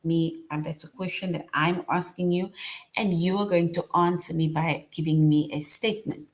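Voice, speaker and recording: A woman's voice: on the low side, fairly even intonation. A woman teacher explaining a grammar lesson to young children, patient and repetitive, often checking in with "right?". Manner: patient, repeats points, tags "right?" often; slow, deliberate.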